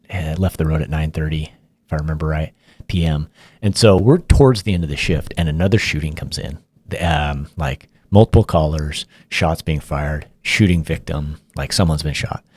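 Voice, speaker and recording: A middle-aged man with an extremely low, deep voice recounts a long shift story in a loose, rambling way, restarting his sentences as he goes. The recording is dry and close, with no room sound. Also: no room sound. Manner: relaxed, rambling retelling with fillers and restarts. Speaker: podcast host, former police officer. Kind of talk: casual storytelling.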